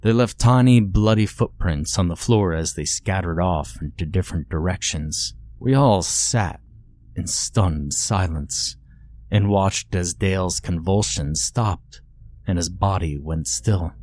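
Deep-voiced man narrating horror. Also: darkish tone, no room sound. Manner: measured, grim storytelling.

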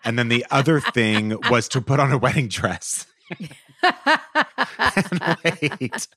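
A man's voice: mid-range voice, steady tone, moderate pace, a bit bright. A man co-hosting a podcast in casual chat, playful and theatrical as he reads listener reviews aloud. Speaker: podcast co-host.

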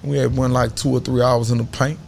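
A man's voice: mid-range voice, little pitch movement, brisk, gravelly, darkish tone, slight background noise. Blunt, self-assured man in his thirties. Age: 30s. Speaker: guest. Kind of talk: casual interview talk.

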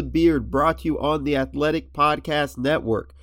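Man, congested, nasal, podcast host, teasing, fairly high voice, dry sound. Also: steady tone, moderate pace, hardly any pauses, a bit bright, no room sound, soft background music. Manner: joking, teasing. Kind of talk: casual sports podcast chat.

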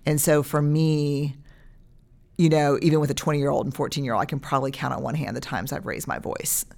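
A woman's voice: sits low, steady tone, brisk, vocal fry, darkish tone. A woman in her forties talking casually as a podcast guest, animatedly acting out what she would say to a child. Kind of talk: casual parenting chat.

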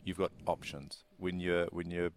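A New man, a racing industry chief executive, answering interview questions in a measured, businesslike way with the odd filler. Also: deep voice, flat delivery, a little hiss or hum. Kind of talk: studio interview.

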